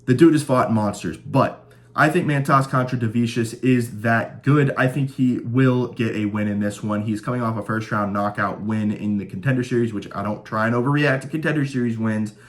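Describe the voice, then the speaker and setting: A man's voice: mid-range voice, normal speed. A man hosting a casual fight-predictions show, talking enthusiastically and rattling off stats as he makes his picks. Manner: chatty, stat-heavy, enthusiastic. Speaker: host of a fight-predictions channel.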